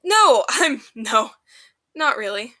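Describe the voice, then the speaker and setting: A woman voicing an exhausted young man who speaks softly and soothingly, stopping and restarting as he goes. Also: high voice, big pitch swings, takes it slowly, full character voice. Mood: bitter. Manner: breathy, soft, soothing with stops and restarts. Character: exhausted young man, upset yet tender.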